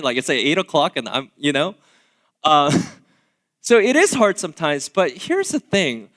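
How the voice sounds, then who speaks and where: Animated, chatty man preaching. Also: high voice. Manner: casual, conversational preaching with many fillers; animated, swinging between loud asides and quiet remarks. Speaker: pastor. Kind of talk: sermon. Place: church sanctuary.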